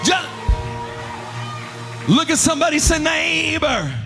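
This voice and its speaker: A man preaching a sermon to his congregation, with animated preaching that shouts and chants its refrains. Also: extremely high pitch, moderate pace, soft background music. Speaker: pastor. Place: church sanctuary.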